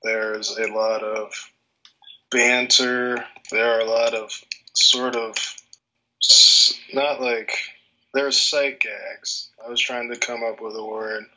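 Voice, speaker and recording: A man's voice: mid-range voice, flat delivery, slow pace, bright, forceful tone. A man co-hosting a podcast in casual chat, rambling and hesitant as he searches for words. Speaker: podcast co-host. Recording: dull, muffled lo-fi sound.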